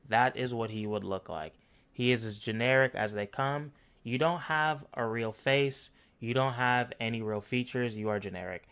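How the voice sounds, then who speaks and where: A man's voice: mid-range voice, a bit bright. A man ranting through a basketball game analysis, blunt, profane and sarcastic. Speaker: basketball commentary vlogger.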